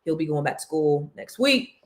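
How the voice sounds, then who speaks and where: A middle-aged woman, a podcast host telling a family story in a casual, animated way. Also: deep voice, moderate pace. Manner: animated, chatty, with lots of restarts.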